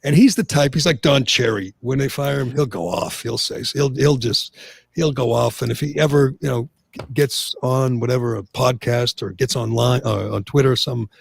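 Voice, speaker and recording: Gravelly ranting talk radio man. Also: medium pitch, moderate pace. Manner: animated ranting, frequent restarts. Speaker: talk show host. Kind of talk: opinionated sports talk radio.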